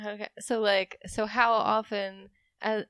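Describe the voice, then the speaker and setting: A woman interviewing a guest on a podcast, asking quick questions with fillers. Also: mid-range voice, level tone, fairly bright tone, clean tone, dry recording, clean studio sound. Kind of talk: casual interview.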